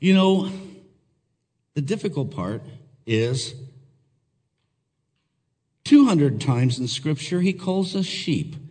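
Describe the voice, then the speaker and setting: A man's voice: a little high, sing-song, takes it slowly, pauses often, a little mellow. Man preaching in a reverberant hall. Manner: earnest, emphatic preaching with rhetorical questions. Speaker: pastor. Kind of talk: sermon.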